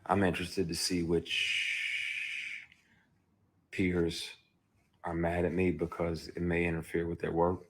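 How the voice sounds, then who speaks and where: A man's voice: low-pitched, completely flat delivery, takes it slowly, long pauses, a bit bright. A man, an actor, telling a personal story bluntly and emotionally, with frequent profanity and restarts. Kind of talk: candid first-person storytelling.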